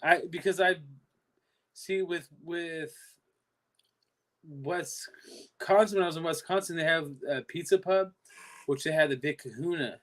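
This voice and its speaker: A man's voice: on the high side, a little slow, pauses often, a bit bright. A man from California with a Californian accent, chatting casually on his own livestream and rambling through long stories with many repeats. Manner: rambling, repeats himself and trails off. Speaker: livestream host. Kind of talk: casual live-stream chat.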